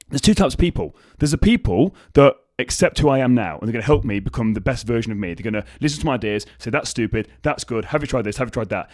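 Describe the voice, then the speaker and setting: Young male podcast host, lively pitch, casual and profane motivational talk. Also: no echo. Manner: swears freely, animated storytelling with acted quotes.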